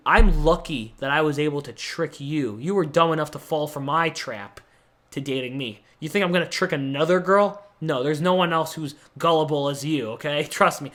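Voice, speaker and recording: A young man hosting his own podcast, telling a childhood story in a rambling, self-mocking way with quick bursts of excitement. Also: on the high side. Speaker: podcast host. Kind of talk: casual storytelling monologue.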